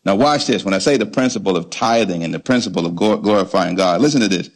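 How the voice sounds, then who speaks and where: A deep-voiced male pastor preaches at a quick pace. He drives his points home by repeating words and throwing questions to the congregation in emphatic call-and-response style.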